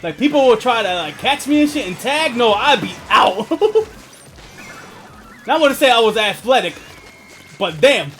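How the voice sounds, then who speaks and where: Young male streamer, casual and profane, very animated delivery over faint game music. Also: very high-pitched, normal speed, long pauses. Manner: profane, rambling, laughs often. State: asthmatic. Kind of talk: casual gaming stream chat.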